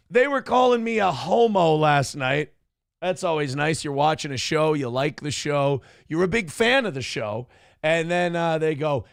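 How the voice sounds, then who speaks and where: A man hosting a loose commentary show, rambling and swearing freely as he reads viewer messages. His voice sits a little high for a man and has a gravelly edge. The sound is dry and close. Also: moderate pace, dry recording. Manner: profane, rambling, animated. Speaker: show host.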